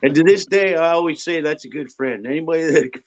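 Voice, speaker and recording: A man from Ontario, a guest casually telling a long, rambling anecdote with filler pauses. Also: on the high side. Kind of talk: casual storytelling. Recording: dull lo-fi audio.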